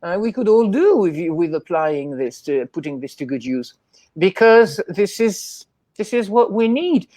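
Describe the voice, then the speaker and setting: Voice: medium pitch, very animated, measured pace, warm tone, no echo. A guest in a casual interview, telling rambling anecdotes and acting out the voices of people in the stories. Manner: acts out quoted voices.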